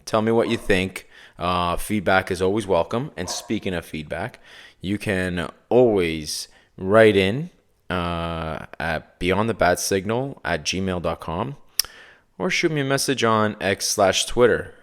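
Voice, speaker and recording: A man's voice: deep voice, measured pace. A Canadian man from Toronto with a Toronto accent, hosting a podcast in a casual, rambling way, full of fillers and tangents. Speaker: podcast host.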